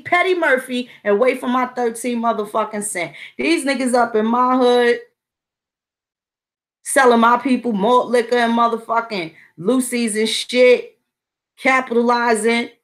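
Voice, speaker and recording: A woman, telling stories in a blunt, profane casual monologue. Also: fairly high pitch. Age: 40s. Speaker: vlogger.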